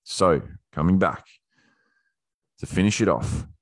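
A young man coaching viewers in a casual motivational talk, blunt and quick to swear, often restarting his sentences. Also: deep voice, lively intonation, no room sound, studio quality. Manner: blunt, swears freely, self-interrupting.

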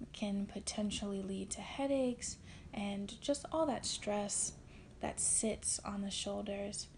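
A woman hosting a wellness talk in a hushed, often whispered voice, speaking frankly and swearing casually. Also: mid-range voice, gravelly, husky. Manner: frank and profane, slow and reflective. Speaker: podcast host. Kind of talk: soft-spoken wellness talk.

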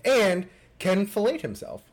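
An excitable, wisecracking podcast co-host whose pitch swings widely up and down. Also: measured pace, background noise. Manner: excitable, wisecracking wrestling fan. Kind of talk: casual chat.

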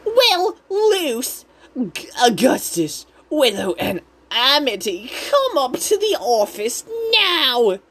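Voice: high voice, sing-song, slow pace, fairly bright tone, slight background noise, voice pushed up, exaggerated voice. A speaker voicing a stern, snobbish middle-aged mother who scolds in a haughty, bossy way.

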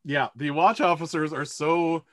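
A man's voice: fairly high pitch, fairly even intonation, measured pace, no echo, clean studio sound. A man narrating a tabletop game as game master, rambling with fillers and laughing often.

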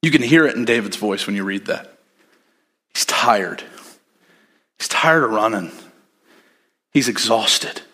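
A man's voice: fairly low pitch, expressive, a little slow, pauses often, sharp tone, breathy edge. A man preaching a sermon in a conversational, reflective and earnest way. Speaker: pastor.

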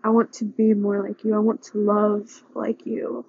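A young woman speaking an earnest, pleading personal prayer with a breathy voice. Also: medium pitch, little pitch movement, normal speed, narrow, tinny audio, a little hiss or hum. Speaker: vlogger praying aloud.

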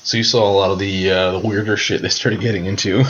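Low-voiced man swearing in casual chat. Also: level tone, fast, a bit bright, a little hiss or hum. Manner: swears a lot, laughs often. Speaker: podcast co-host. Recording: dull lo-fi sound.

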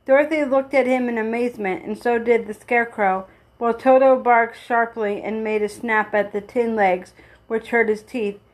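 A woman reads a children's storybook aloud in a fairly high voice. She keeps a steady, plain narrating pace and stumbles now and then before going on. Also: moderate pace, poor audio. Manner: steady reading with small slips and restarts. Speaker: reader.

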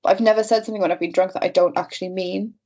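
A woman talking casually as a podcast co-host, with a husky, breathy voice. She is candid and self-deprecating and fills her talk with "like". The recording sounds dull and lo-fi. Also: mid-range voice, fairly even intonation, very fast, mellow. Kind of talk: casual chat.

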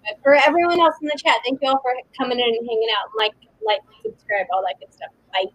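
A woman's voice: high voice, expressive, fast, a bit bright, dull audio. A woman chatting casually as a panelist, rambling with fillers. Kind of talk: casual chat.

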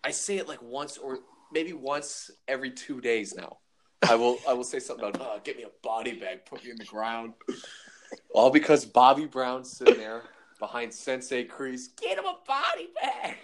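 A man's voice: mid-range voice, fairly even intonation, normal speed. A young adult man chatting casually and animatedly, filling his talk with "like.". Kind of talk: casual chat.

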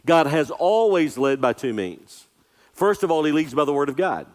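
A male pastor delivers an earnest, emphatic sermon in a slightly higher voice, leaning hard on key words. His words ring out with the long reverb of a large church sanctuary. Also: sing-song. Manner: earnest, emphatic preaching, slowing on scripture.

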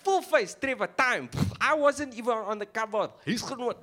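Animated South African comedian, high voice. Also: male voice, moderate pace, very noisy. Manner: animated, playful, mocking asides. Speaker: stand-up comedian. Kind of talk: stand-up comedy set.

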